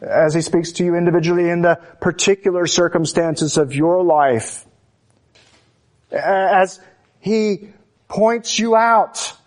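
A male preacher delivering a sermon at an unhurried, deliberate pace. His voice sits somewhat high for a man, and he leans on emphatic phrasing and repeated rhetorical questions.

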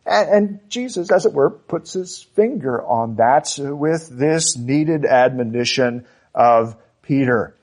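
A man preaching a sermon in an earnest, emphatic way, with dramatic pauses, drawn-out key words and the odd filler or restart. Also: mid-range voice, animated, darkish tone.

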